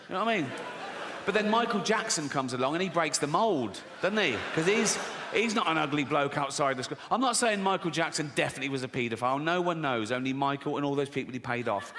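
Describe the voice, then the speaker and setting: A stand-up comedian with an English accent performs a provocative, sweary routine in a conversational style, his voice fairly high, lively in intonation and fast. He's at a large live venue, with an echoey hall and audience noise.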